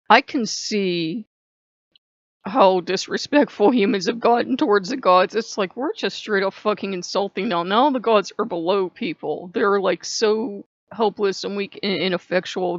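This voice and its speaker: Female vlogger, heated sarcastic rant, gravelly, dry dull recording. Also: mid-range voice, dry recording. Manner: heated, swearing, sarcastic, laughing. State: angry. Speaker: channel host. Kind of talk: casual ranting vlog. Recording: dull lo-fi sound.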